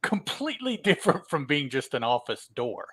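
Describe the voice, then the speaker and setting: A man's voice: on the high side, big pitch swings, moderate pace, a bit bright, breathy edge, no room sound. Wry podcast co-host man, dry mic. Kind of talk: casual chat about comics.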